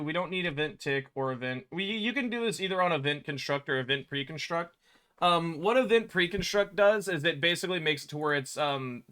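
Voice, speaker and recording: A man developing a game, thinking aloud in a halting way, correcting himself as he works and muttering to himself. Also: a little high, pushed and bright. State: hiccuping. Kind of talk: thinking aloud while working.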